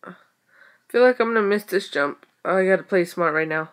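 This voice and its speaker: A young woman giving casual game commentary, excitable, exclaiming and muttering to herself as she plays. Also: mid-range voice, normal speed, pauses often. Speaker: gaming video creator.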